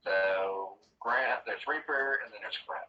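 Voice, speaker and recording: A man's voice: fairly low pitch, a little slow. A man narrating as dungeon master, rambling and correcting himself as he goes. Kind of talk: narrating a tabletop game. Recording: roomy, dull, distant mic.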